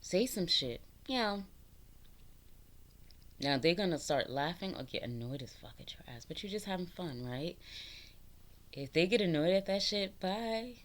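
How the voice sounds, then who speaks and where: A woman with a low voice gives a casual spiritual pep talk to her viewers. She swears constantly, laughs a lot and preaches self-worth in a loose, streetwise way. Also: animated, normal speed. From New York, the Bronx. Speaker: spiritual vlogger.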